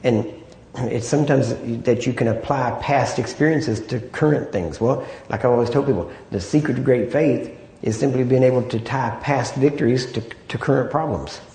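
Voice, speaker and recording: A man preaches in a warm, medium-pitched voice at normal speed, keeping things easy and conversational while often asking "Amen?" and "right?" to win agreement. The room is echoey.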